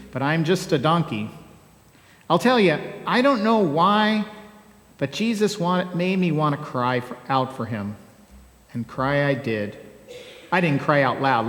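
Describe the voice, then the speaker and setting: A man speaking as a humble, plainspoken male donkey, folksy and wry, in a slow homey way. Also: on the high side, a bit bright. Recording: echoey church hall.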